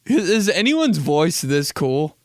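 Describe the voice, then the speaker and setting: Animated young man riffing on a podcast. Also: on the high side, slow, no room sound, clean studio sound. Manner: animated, mimics voices, swears freely. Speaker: podcast host. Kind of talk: solo comedy podcast riff.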